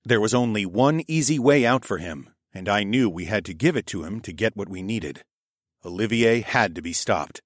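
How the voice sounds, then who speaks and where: A man with a lowish voice narrating a fantasy audiobook in the first person. His storytelling is measured and steady. The recording is dry and close, with no room echo.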